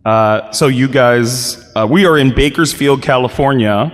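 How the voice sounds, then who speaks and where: A man's voice: mid-range voice, measured pace. A man running a live comedy wrestling game, handing out playful instructions. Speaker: game master calling cards. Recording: crowded reverberant convention hall.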